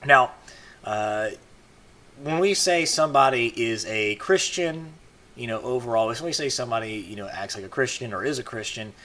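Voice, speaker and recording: A man's voice: medium pitch, normal speed, sharp tone. A man giving casual, rambling commentary as a vlogger, full of "you know" fillers and restarts.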